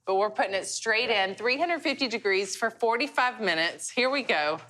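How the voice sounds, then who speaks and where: A woman's voice: a little high, animated, moderate pace, pushed and bright. A woman with a West Virginian accent chatting playfully while presenting a dish on a cooking show. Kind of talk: casual cooking chat.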